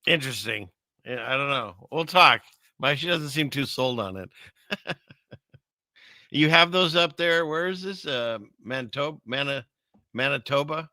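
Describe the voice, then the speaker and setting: A man hosting casual commentary on video clips, rambling and chuckling through his asides, with a gravelly voice. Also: mid-range voice, lively intonation, measured pace, long pauses, sharp tone, no room sound, studio quality. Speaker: host.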